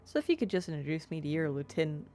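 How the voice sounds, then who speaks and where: A woman's voice: low-pitched, sing-song, rapid-fire, dark tone, slight background noise. A woman voicing a young wolf-girl road warden with a Southern US accent, cheerful and witty, in a text game.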